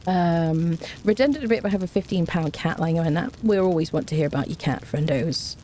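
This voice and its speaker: A woman's voice: lowish voice, fairly quick, dark tone, slight background noise. A woman chatting casually on a game live stream, rambling and thanking viewers by name.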